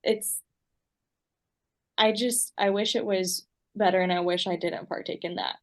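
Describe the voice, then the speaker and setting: A woman's voice: mid-range voice, steady tone, measured pace. A woman speaking as a podcast guest in casual conversation, reflective and hesitant, with many fillers.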